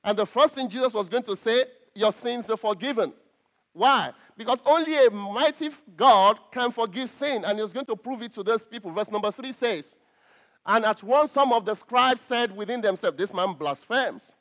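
Male preacher with a high voice, delivering an emphatic church sermon with frequent restarts. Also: a bit bright. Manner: emphatic, stresses key words with pauses; repeats words as he restarts.

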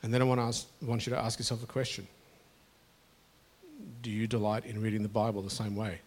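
A man's voice: on the low side, flat delivery, fast, a little hiss or hum. A middle-aged man preaching a sermon to his congregation in an earnest, conversational way, often restarting his phrases. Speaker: pastor.

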